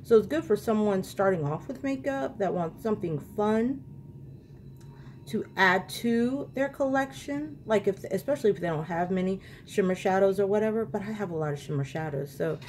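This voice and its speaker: A woman's voice: mid-range voice, expressive, normal speed, a little mellow, a little hiss or hum. A woman chatting to her viewers while doing a makeup tutorial, ranting casually about lashes and palettes. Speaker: beauty vlogger.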